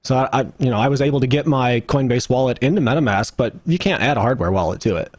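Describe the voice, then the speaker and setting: A man's voice: medium pitch, fast, a little mellow, no room sound. A man co-hosting a casual roundtable chat, musing aloud with many fillers. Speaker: podcast co-host.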